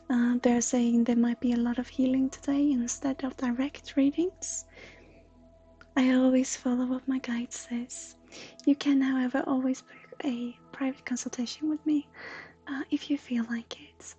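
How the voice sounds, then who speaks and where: A woman from Sweden, a streamer and intuitive counselor chatting softly with viewers, often slipping into a breathy whisper. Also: sits high, dull audio. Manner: soft, often drifting into a breathy whisper, laughs often. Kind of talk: live stream chat with viewers.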